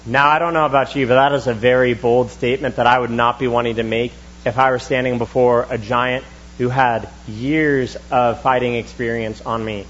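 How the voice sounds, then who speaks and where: A young man preaching a sermon in a church, in a relaxed, chatty style with quick asides. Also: medium pitch, highs cut off, a little hiss or hum. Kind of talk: casual conversational sermon. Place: church sanctuary.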